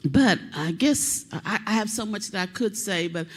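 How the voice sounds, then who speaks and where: A woman's voice: mid-range voice, lively intonation, normal speed, slightly rough. Tearful chatty woman from Kentucky. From Kentucky, USA. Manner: chatty and rambling, self-described talker. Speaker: family member of a missing soldier. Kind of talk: audience remarks at a public meeting.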